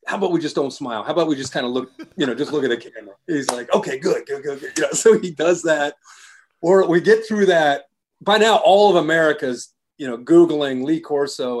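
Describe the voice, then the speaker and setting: An older man telling a story in a casual chat, acting out what others said. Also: medium pitch. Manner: animated storyteller, acts out quotes. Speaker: guest, sports broadcaster.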